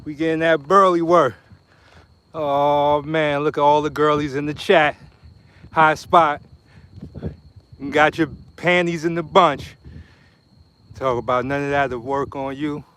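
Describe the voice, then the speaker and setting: Man with a slightly raised pitch, joking and trash-talking while he trains on a live stream, recorded outdoors. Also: fairly even intonation, a little slow, pauses often, clean tone. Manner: trash-talking, joking, loud bursts and laughter. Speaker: martial arts instructor streaming a workout.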